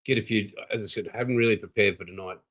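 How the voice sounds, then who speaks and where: Tired older aussie bloke chatting. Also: male voice, fairly low pitch, rapid-fire, fairly bright tone, poor audio. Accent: Australian. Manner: rambling, chatty, greets viewers by name. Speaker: livestream host. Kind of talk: casual live-stream chat.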